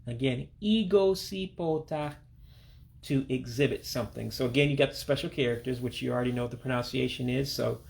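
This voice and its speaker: A man from Alabama, teaching a language lesson as a voice-over and patiently repeating each word slowly. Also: mid-range voice, flat delivery, gravelly. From Alabama, United States. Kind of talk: self-recorded language lesson. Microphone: voice-over to pictures and on-screen text.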